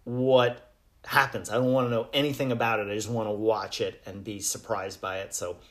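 A man's voice: lowish voice, flat delivery, normal speed. A young man hosting a casual solo sports podcast, enthusiastic and rambling, laughing often. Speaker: podcast host.

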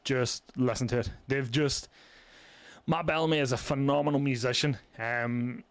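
A man's voice: mid-range voice, fairly even intonation, moderate pace, no echo. A man, co-hosting a podcast in casual chat, joking and swearing as he talks about music. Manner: laughing, swearing, joking banter. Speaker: podcast co-host.

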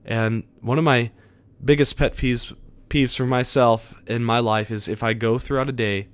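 A man hosting a podcast episode, giving an earnest, conversational devotional talk with soft chuckles. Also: mid-range voice, steady tone, normal speed, no room sound.

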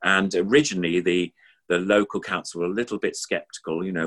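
A man's voice: low-pitched, steady tone, fast talker, fairly bright tone. An older man, a puppeteer, reminiscing in a casual, rambling, enthusiastic way with many ums and restarts.

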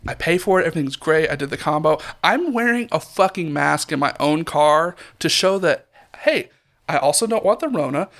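A man with a slightly high voice tells a story in a casual podcast chat. He swears freely and acts out every voice in the scene. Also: moderate pace. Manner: animated, profane, acts out both sides of a story. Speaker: podcast co-host.

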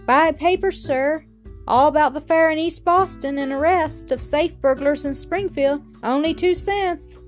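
A woman voicing a cheerful, generous young newsboy, reading him higher and brighter than her narration. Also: lively intonation, moderate pace, soft background music, lightly acted. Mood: eager.

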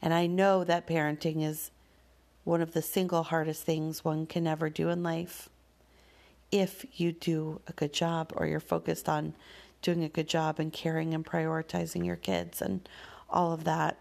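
A woman speaking as a parent, sharing a personal story in a candid, thoughtful monologue with soft fillers and sighs. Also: sits low, flat delivery, normal speed, gravelly.

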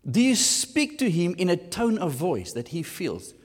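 A man with a South African accent preaching a sermon, animated and switching between English and Afrikaans. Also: high-pitched, unhurried, long reverb tail. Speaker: pastor.

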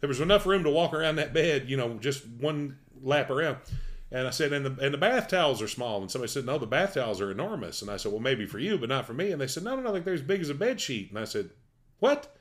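A middle-aged Tennessee man with a Southern accent tells stories in casual conversation, his voice medium-pitched and quick. He comes across as a folksy, animated storyteller.

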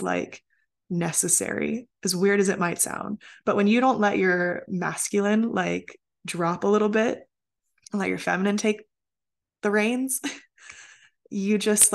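A woman's voice: medium pitch, creaky. A woman mindset coach talking as a podcast guest in an earnest, motivational way with many "like"s. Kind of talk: casual interview chat.

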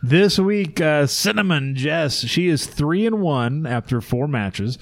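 A man's voice: fairly high pitch, animated, takes it slowly, creaky, no echo. A man hosting a casual podcast chat, explaining a segment and laughing often with his co-hosts. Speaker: podcast host.

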